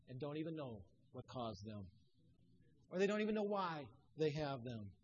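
A man preaching a sermon, telling stories and dropping his voice low and soft for emphasis. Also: low-quality recording. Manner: storytelling preacher who drops to hushed tones.

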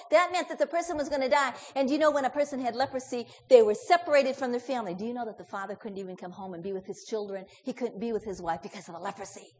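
Woman preacher, fairly high voice, story sermon full of questions to the listeners, long hall reverb.

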